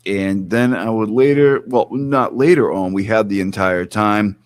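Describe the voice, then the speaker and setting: A man's voice: lowish voice, a little slow, no room sound. Fields: man, middle-aged, casual chat. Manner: animated storyteller, swears freely, acts out bits. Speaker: podcast host.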